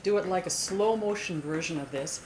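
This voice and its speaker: An older woman, a vocal coach, giving a calm, encouraging singing lesson on video and talking through an exercise as she moves. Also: lowish voice, moderate pace, slight background noise. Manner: calm, encouraging, demonstrates while moving. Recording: echoey room.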